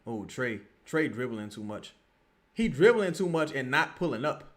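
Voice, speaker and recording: Profane ranting man, lively swings. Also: medium pitch, moderate pace. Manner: profane, frustrated ranting with sudden loud outbursts. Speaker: streamer reacting to a live game. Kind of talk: live game reaction, watch-along.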